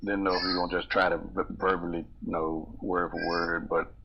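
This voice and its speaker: Deep gravelly man, muffled recording. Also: level tone, moderate pace, a little hiss or hum. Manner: rambling and informal. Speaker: student. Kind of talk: casual classroom question. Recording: muffled lo-fi sound.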